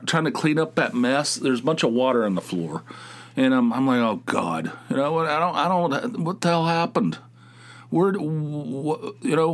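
A middle-aged man hosting his podcast alone from a home studio, telling a rambling, self-mocking story in a sarcastic, casual way. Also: mid-range voice. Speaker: podcast host. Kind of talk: casual monologue.

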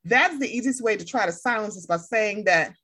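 A woman's voice: medium pitch, animated, fairly quick, bright, forceful tone. A woman hosting a casual chat, passionate and blunt, swearing freely and acting out the people she quotes. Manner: vividly acts out quoted people.

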